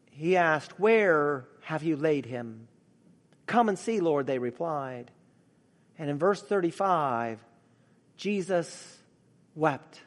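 A man's voice: sits high, in a large hall. A man preaching a sermon in an earnest, emphatic way, reading scripture and speaking of grief and love. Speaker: pastor.

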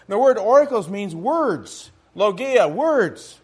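High-voiced, gravelly pastor preaching. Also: male voice, animated, moderate pace, darkish tone. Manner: conversational preaching with rhetorical tag questions. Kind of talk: sermon. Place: church.

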